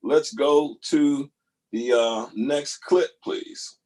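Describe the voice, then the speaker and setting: A man hosting a talk, pausing video clips to reflect earnestly, repeating key phrases for emphasis. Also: mid-range voice, darkish tone. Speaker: host reacting to video clips. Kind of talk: reflective spoken commentary.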